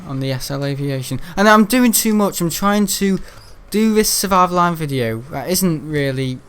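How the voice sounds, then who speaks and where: A man's voice: fairly high pitch, animated, normal speed, fairly bright tone, smooth. A teenage boy with a Merseyside accent, chatting casually on a stream, hesitant with lots of ums and restarts. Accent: Merseyside English. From the Wirral, England. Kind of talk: rambling casual chat.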